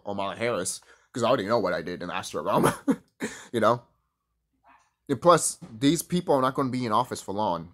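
A man's voice: mid-range voice, fairly bright tone. A man ranting casually to camera in a profane, heated and rambling way. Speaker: vlogger.

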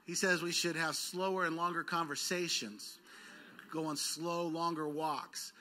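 A man's voice: fairly high pitch, slight background noise. A man preaching a sermon as pastor, coaxing call-and-response from his congregation. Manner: lively, quick bursts then slowed words. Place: church sanctuary.

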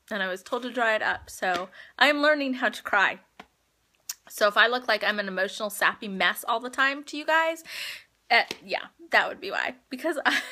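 Woman, livestream host, casual chat, crisp bright tone, heartfelt and rambling. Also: fairly high pitch. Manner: chatty, heartfelt, rambling with fillers. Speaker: livestream host announcing giveaway winners. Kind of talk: casual live-stream chat to viewers. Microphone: phone livestream.

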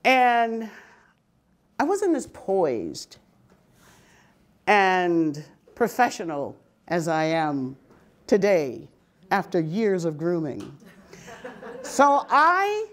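Lively older woman telling stories unhurriedly. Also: on the low side, drawn-out words, long pauses. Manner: animated, laughs often. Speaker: speaker. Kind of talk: personal storytelling talk.

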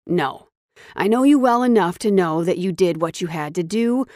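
A woman's voice: on the low side, normal speed, no echo, studio quality, lightly acted. A woman voicing a laid-back male friend who talks his buddy down with jokes. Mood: calming. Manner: calming, joking. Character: easygoing male best friend, teasing.

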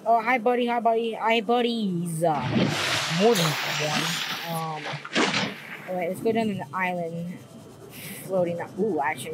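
A woman's voice: on the low side, heavy background noise. A woman giving casual, rambling commentary while playing a game, swearing and getting jumpy at scares. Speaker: gaming YouTuber.

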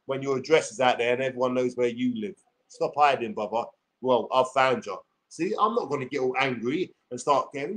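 A man's voice: medium pitch, moderate pace. A man in his forties with a London accent, ranting combatively and swearing on a livestream. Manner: combative, profane, streetwise slang. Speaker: YouTuber. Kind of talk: livestream rant.

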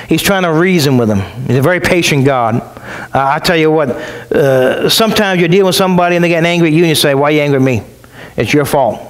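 A man's voice: fairly high pitch, rough recording. A male pastor preaching a sermon in a conversational way, acting out the voices of the people he quotes. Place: church.

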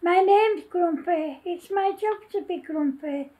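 A sulky, lovesick schoolboy in a storybook, voiced by a woman. He pleads and complains in a very high, mellow voice. His words come slowly.

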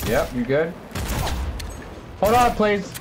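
A man streaming a video game live, talking to his chat in an excitable, joking, chatty way. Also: sits high, slow pace, noisy background. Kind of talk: live gameplay commentary.

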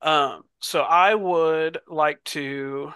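A man's voice: on the high side, steady tone, drawn-out words, bright, forceful tone, smooth, no echo. A man playing in a tabletop role-playing game, thinking aloud with many ums and likes. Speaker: player. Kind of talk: casual tabletop role-play.

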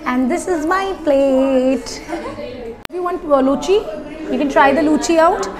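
High-voiced woman hosting a food vlog. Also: unhurried, a crowd in the background. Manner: explains dishes with many fillers, switching to Hindi. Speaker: food vlogger host. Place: restaurant.

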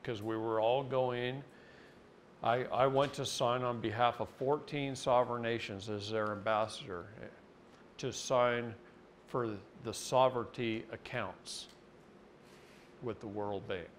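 A middle-aged man from Oregon giving a live seminar talk, telling stories in a folksy, animated way. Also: medium pitch, measured pace, a little hiss or hum. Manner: folksy, animated, mocking voices in anecdotes. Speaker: seminar speaker. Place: seminar room.

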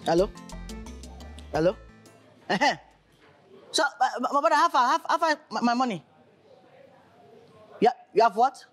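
A man playing a high, stammering broke man pleading on the phone. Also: very animated, moderate pace, long pauses, fairly bright tone, soft background music, heavily acted. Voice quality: stammering, repeats words. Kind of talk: comedy skit acting.

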